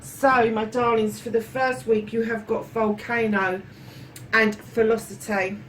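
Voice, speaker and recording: A woman's voice: fairly high pitch, flat delivery, unhurried. A woman giving a casual tarot reading, chatty and affectionate, swearing freely and calling her viewers darlings. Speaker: tarot reader. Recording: slightly distant mic with faint room noise.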